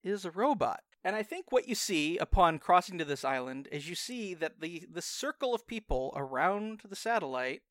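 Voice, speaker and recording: A man narrating a tabletop game as game master, animated and quick to laugh, thinking aloud. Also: high voice, no room sound.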